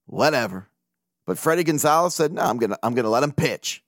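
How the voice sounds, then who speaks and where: A man hosting a casual sports talk podcast, animated and profane, laughing often as he rants. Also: mid-range voice, brisk, no room sound, studio quality. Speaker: podcast host.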